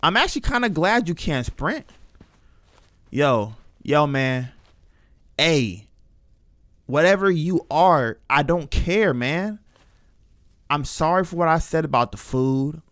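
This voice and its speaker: A man's voice: fairly high pitch, animated, slow pace, long pauses, fairly bright tone, no echo, studio quality. A young man streaming a horror game, chatting nervously to his viewers in casual slang. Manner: chatty, jittery, talks to chat in slang. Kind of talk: live horror game commentary.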